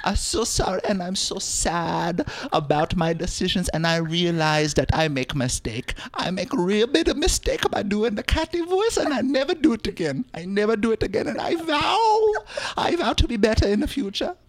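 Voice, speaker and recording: A man putting on a high, sing-song voice as a vain, boastful woman host character, with broken grammar. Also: sing-song, normal speed, no room sound. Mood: mock-apologetic.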